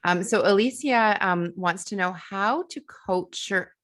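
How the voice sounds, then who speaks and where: A woman's voice: mid-range voice, unhurried, a bit bright. A woman hosting a live podcast, talking enthusiastically and emphatically about parenting and children's stress. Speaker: podcast host.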